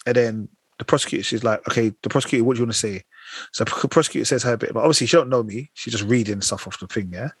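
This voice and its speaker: A husky, fast-talking man with a mid-range voice co-hosts a podcast, recorded with no room sound. In casual chat he tells animated stories packed with slang and acted-out quotes.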